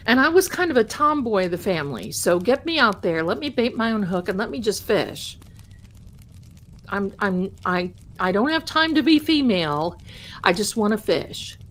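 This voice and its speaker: A woman's voice: medium pitch, big pitch swings, normal speed, fairly bright tone. A woman hosting a live trivia stream, chatting with viewers and telling a folksy story from her childhood. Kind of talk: casual chat, storytelling to viewers.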